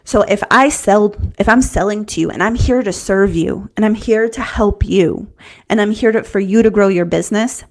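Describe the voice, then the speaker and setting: A woman's voice: mid-range voice, normal speed. A woman business coach giving an earnest, conversational talk, often restarting phrases and checking in with "right?". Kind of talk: teaching talk to camera.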